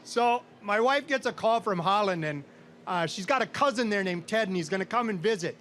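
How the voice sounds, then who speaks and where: On an outdoor state fair stage, a middle-aged Minnesota man tells a comic story to a live audience with dry, deadpan timing. His voice is high and a little fast, and there's a touch of hiss or hum in the audio.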